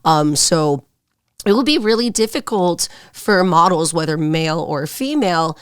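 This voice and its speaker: A woman's voice: lowish voice, lively intonation, moderate pace, clean tone, no room sound, clean studio sound. A woman guest on an interview podcast, frank and laughing easily, swearing casually.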